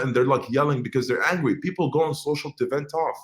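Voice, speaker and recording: A man's voice: mid-range voice, fast, hardly any pauses. Egyptian man giving a casual webinar talk. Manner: conversational, frequent fillers and restarts, acts out customer quotes. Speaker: webinar speaker on social media marketing.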